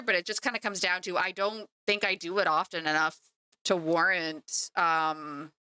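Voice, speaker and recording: A woman chats to her stream while she paints, joking at her own expense. Her voice is bright and forward. The sound is dry and close, with no room echo. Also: medium pitch, clean tone. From Canada. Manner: chatty and self-mocking, talking to chat while working. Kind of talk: casual livestream chat.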